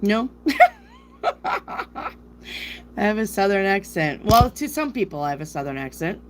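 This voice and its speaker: A woman's voice: mid-range voice, expressive, a little fast, slight background noise. A woman from South Dakota with a northern US accent, a tarot reader chatting on a live stream and reading out viewers' questions. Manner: chatty, rambling, reads viewer questions aloud.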